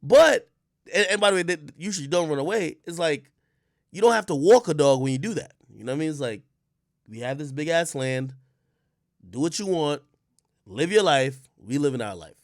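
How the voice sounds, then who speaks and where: A man from Jamaica rants on his livestream in a casual, profane way, and his voice leaps around with lively, expressive swings. He sits a little high for a man and jumps from loud outbursts to low mutters. The sound is close and dry, with no room around it. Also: fairly quick, no room sound. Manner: swears often. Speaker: livestream host.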